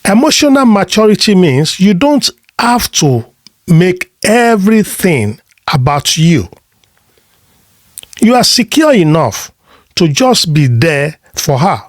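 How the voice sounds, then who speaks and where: Slow, emphatic male advice coach. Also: high voice, big pitch swings, no room sound, clean studio sound. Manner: deliberate, emphatic short phrases with rhetorical questions; repeats words when he restarts a thought. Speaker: relationship coach. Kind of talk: motivational advice talk.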